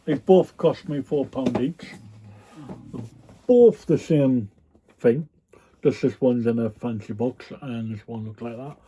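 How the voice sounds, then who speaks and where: Dark-voiced man chatting casually. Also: mid-range voice, slow, a little hiss or hum. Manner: rambling, chatty, with frequent ums and yawns. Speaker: reseller vlogger. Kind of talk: casual chat.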